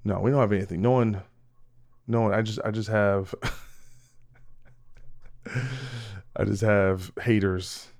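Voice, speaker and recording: A man's voice: lowish voice, steady tone, measured pace, long pauses, a little mellow. A man hosting a podcast, talking on his own in a loose, rambling monologue, mocking himself, swearing, and speaking straight to his listeners. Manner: rambling, self-mocking, frequent restarts and laughs; swearing, direct address to listeners. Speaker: podcast host. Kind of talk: casual solo podcast monologue.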